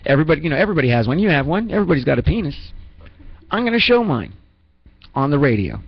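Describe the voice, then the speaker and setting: A man's voice: a little high, very animated, racing, vocal fry, breathy edge, no room sound, highs cut off. A man hosting a radio show in a rambling, self-mocking comedic manner, full of restarts and asides. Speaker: radio host.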